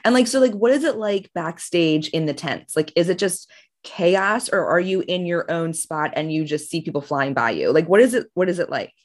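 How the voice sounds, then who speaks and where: A woman's voice: fairly low pitch, animated, moderate pace. A young woman hosting a podcast, chatty and rambling, full of "like". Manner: chatty, rambling, heavy use of "like". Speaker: podcast host. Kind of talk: casual podcast chat.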